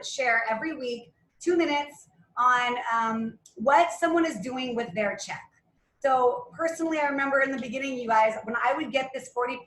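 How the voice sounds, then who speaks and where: Woman, call leader, chatty, fairly high voice, echoey room, faint background noise. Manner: warm praise, chatty with fillers. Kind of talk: leading a team call.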